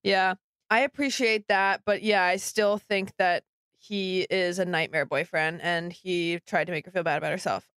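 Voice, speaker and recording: A woman hosting a casual pop-culture chat, animated and jokey. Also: on the low side, normal speed, clear, resonant tone, dry recording, clean studio sound. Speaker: podcast host.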